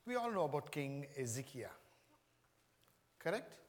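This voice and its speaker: A man's voice: a little high, sing-song, a little slow. A man preaching a sermon, repeating his questions to the congregation. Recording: echoey hall reverb.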